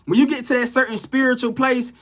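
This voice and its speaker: Bright-voiced man giving a tarot talk. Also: extremely high pitch, quick pace. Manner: loose, repetitive and animated, with slang and swearing. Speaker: tarot reader on a live stream. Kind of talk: casual spiritual talk to viewers.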